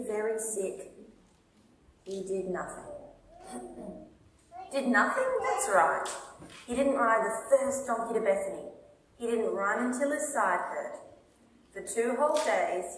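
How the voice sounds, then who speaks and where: A woman reading a children's Bible story in a church, in an animated way and putting questions to her listeners. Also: mid-range voice, a little hiss or hum. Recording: echoey church from far off.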